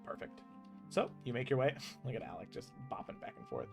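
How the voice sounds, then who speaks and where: A man's voice: mid-range voice, huge pitch swings, fairly quick, vocal fry, faint music behind. A man narrating as game master in a tabletop game, chatty with many ums and frequent laughs.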